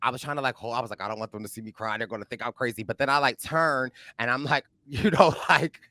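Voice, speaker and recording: Bright-voiced man telling animated stories. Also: mid-range voice, fast, no echo, clean studio sound. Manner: animated storyteller, acts out quotes, many fillers. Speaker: podcast co-host. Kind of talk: casual chat.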